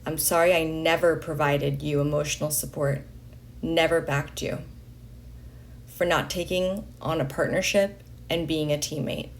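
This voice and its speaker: A woman reading a letter aloud in a slow, deliberate way, pausing between phrases. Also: low voice, steady tone, vocal fry, slight background noise. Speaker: reader of a letter.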